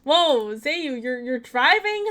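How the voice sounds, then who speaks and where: A woman streaming a video game, chatting casually with her viewers, excitable and giggly with crude jokes. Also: high-pitched, slow pace. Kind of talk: casual live-stream chat while gaming.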